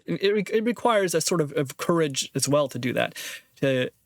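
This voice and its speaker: A man's voice: a little high, lively intonation, normal speed, no room sound. A man talking in a casual monologue, rambling and thinking aloud with frequent restarts, sometimes acting out other people's voices. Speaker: vlogger.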